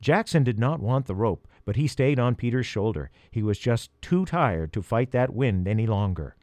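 A man's voice: mid-range voice, lively intonation, warm tone, dry recording. Man dramatically reading a storybook. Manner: dramatic, slows down for tense moments. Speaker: audiobook reader. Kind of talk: storybook narration.

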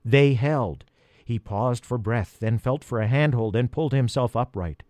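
A man reading a children's adventure story aloud, with a dramatic delivery that slows down at tense moments. His voice sits at an ordinary middle pitch for a man. The recording is dry and close, with no room sound at all. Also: darkish tone, dry recording. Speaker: audiobook reader. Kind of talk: storybook narration.

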